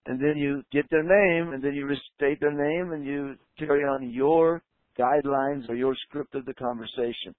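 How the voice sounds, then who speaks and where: A man coaching dental front-desk staff in a training talk, emphatic and slowing down to stress key points. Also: mid-range voice, fairly even intonation, a little mellow, no room sound, rough recording. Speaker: practice coach.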